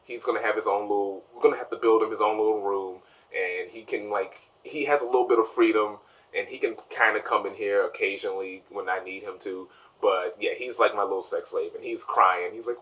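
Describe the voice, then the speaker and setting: Guy doing a rambling tv review, lowish voice, kinda distant and lo-fi. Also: steady tone. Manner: rambling recap, acts out characters' lines in quick voices. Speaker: TV show reviewer. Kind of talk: casual spoiler review recap.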